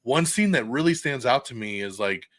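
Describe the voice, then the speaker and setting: A man hosting a podcast, reviewing a movie in casual, excited chat. He swears freely and laughs often. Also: mid-range voice, normal speed, no room sound. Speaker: podcast host. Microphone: podcast mic, recorded live for video stream.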